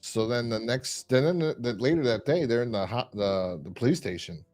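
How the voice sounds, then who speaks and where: A man co-hosting a casual podcast, recapping an old TV episode scene by scene. His pitch sits in the middle, and he talks loosely, with fillers and quick asides. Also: faint music behind. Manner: animated retelling, full of fillers and quoted lines. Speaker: podcast co-host. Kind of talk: casual chat.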